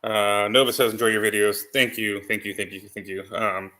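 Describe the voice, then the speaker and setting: A man's voice: on the low side, fairly even intonation, a little fast, sharp tone. A man hosting a casual live-stream chat with viewers, rambling with many ums and restarts. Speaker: channel host.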